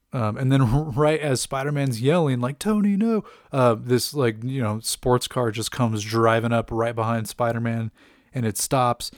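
A man's voice: mid-range voice, darkish tone, dry recording, clean studio sound. A young man casually recapping a comic book, chatty with many fillers and asides.

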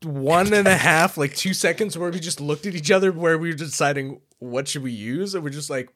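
A man's voice: on the high side, a little fast, a bit bright, no room sound, studio quality. A man chatting casually, telling a story with many restarts and fillers. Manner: hesitant restarts, lots of "like". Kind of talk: casual chat.

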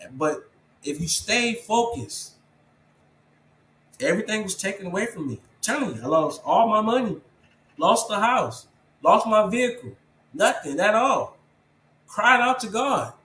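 A man with a slightly high voice talks earnestly in an interview, urging listeners like a preacher and calling them bro. His voice bounces around an echoey room, with a faint hum of ambience behind him. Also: lively intonation, moderate pace, pauses often, sharp tone. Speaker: interview guest, program founder. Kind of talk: casual interview talk.

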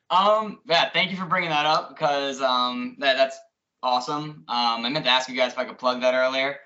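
Hesitant man, podcast guest, bright voice, muffled lo-fi sound. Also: medium pitch, moderate pace. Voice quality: hesitant, many ums. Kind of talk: casual chat. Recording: dull lo-fi audio.

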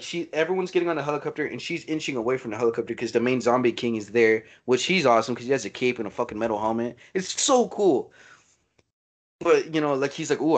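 A man chatting casually about a movie as a podcast co-host, excitable, swearing freely and calling his friend "dude" and "bro.". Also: mid-range voice. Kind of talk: casual movie review chat.

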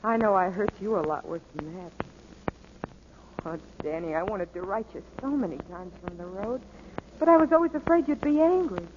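A woman's voice: mid-range voice, expressive, moderate pace, background noise, natural voice. An actress playing a young woman dancer, torn and pleading, in 1940s radio acting style. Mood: wistful. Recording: muffled old radio recording.

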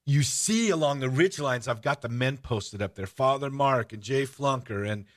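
A man hosting a podcast and telling a story with enthusiasm in casual chat. He rambles, restarts often and gets excited. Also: medium pitch, moderate pace. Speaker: host.

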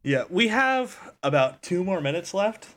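A man's voice: high voice, sing-song, a little slow, a bit bright. A man hosting a podcast in an easygoing, casual way, laughing often. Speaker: podcast host.

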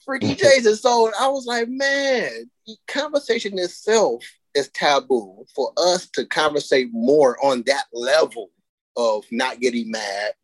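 A woman co-hosting a casual podcast, telling stories loosely with frequent laughter and drawn-out emphasis on key words. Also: extremely low pitch, breathy edge, no room sound. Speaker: podcast co-host.

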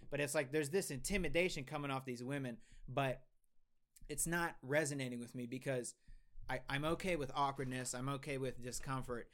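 A man's voice: mid-range voice, fairly bright tone. A young man co-hosting a podcast, telling a long story in casual, rambling talk full of swearing and restarts. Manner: rambling, profane, many restarts. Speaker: podcast co-host.

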